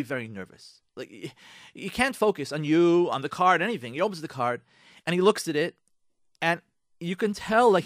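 A man spins a comic story, addressing the listener as "you" and slipping into the voices of the people in it. His voice sits a little high and moves freely. The sound is dry and close, as in a radio studio. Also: dry recording. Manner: animated, second-person storytelling, acts out lines. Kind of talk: storytelling comedy bit.

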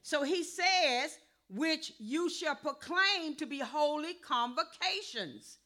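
A woman pastor preaching a sermon, calling for responses and rising to a shout. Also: high voice, lively intonation, slow.

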